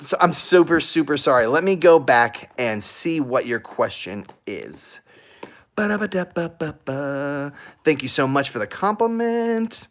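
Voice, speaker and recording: A young man hosting a husky channel, giving earnest, emphatic advice in a casual live Q&A with viewers and repeating himself for stress. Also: mid-range voice, fairly bright tone.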